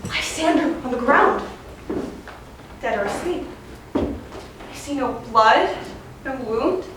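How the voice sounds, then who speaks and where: A woman's voice: high voice, animated, slow pace. Woman playing a spurned, lovesick young noblewoman. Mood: distraught. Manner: impassioned stage delivery that swings from pleading to outburst. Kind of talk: live stage acting. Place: theater stage. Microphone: far camera in the audience. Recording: echoey theater from far off, background noise.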